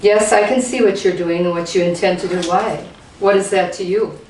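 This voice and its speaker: A woman's voice: medium pitch, steady tone, normal speed, a little mellow, slight background noise, natural voice. Woman reading aloud as a grave, ageless fairy queen in a storybook reading; echoey hall, distant mic. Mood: solemn. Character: ancient regal fairy woman, calm and solemn. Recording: roomy hall, voice from far off.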